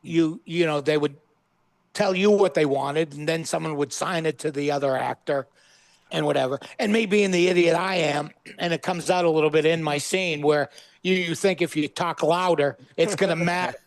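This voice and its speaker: High-voiced comedian, dry studio. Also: male voice, normal speed, dry recording. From Boston. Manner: animated anecdotes, acts out quoted voices, swears freely. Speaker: guest comedian. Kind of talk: casual chat with storytelling. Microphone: studio podcast mic.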